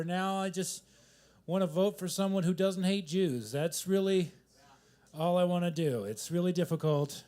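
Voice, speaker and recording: A man's voice: high-pitched, a little mellow, smooth. Rambling self-deprecating male stand-up comic. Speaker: stand-up comedian. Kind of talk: live stand-up at an open mic. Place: coffee shop open mic.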